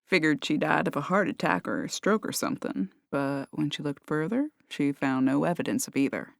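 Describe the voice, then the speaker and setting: Southern sheriff, read by a woman, slight drawl, calm, matter-of-fact, lowish voice. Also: fairly quick, gravelly, no room sound, studio quality.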